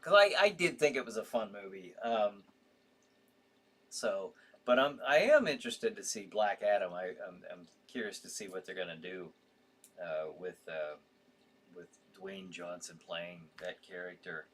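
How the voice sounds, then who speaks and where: Tired male livestream host, rambling and halting, lively bright voice. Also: sits low. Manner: rambling, halting, with frequent restarts and yawns. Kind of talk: casual live-stream chat reading viewer comments.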